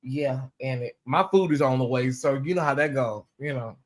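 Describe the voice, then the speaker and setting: A man chatting as a guest on a live stream, giggly and animated, often breaking into laughter. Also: medium pitch, moderate pace. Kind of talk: casual live-stream chat.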